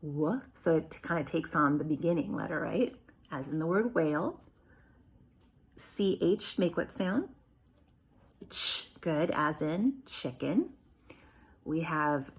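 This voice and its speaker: A woman's voice: low-pitched, slow, long pauses. Patient woman teacher sounding out phonics. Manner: patient, clearly sounding out letter sounds for children. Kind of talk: remote phonics and writing lesson.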